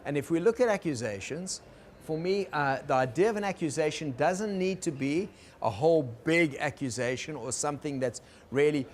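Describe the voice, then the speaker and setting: A man teaching about conflict in a gentle, explaining lecture style, checking in with his listeners. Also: on the high side, animated, normal speed, a little hiss or hum. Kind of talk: recorded lecture.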